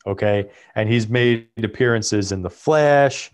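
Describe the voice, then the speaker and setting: A man's voice: lowish voice, unhurried, clean tone. A man co-hosting a podcast, talking enthusiastically in a casual, rambling way. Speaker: podcast co-host. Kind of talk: casual chat.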